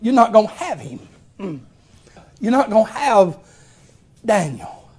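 High-voiced folksy preacher man. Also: very animated, unhurried, darkish tone, husky. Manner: folksy storytelling, exclamations and chuckles. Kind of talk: folksy sermon.

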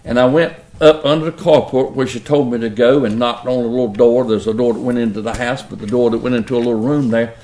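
A man's voice: medium pitch, steady tone, fast, hardly any pauses, mellow, echoey room. A middle-aged man with a Southern US accent, preaching and telling stories in an earnest, folksy way. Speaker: pastor. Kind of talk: sermon storytelling.

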